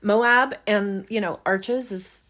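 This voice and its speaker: A woman co-hosting a podcast, telling a story in a casual, animated way and laughing often. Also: medium pitch, takes it slowly. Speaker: podcast co-host.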